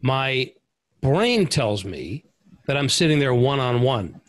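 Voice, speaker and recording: A thoughtful man hosts a conversational interview over video call, speaking slowly in a mid-range voice with big pitch swings and no echo. His phrasing is searching, with frequent restarts.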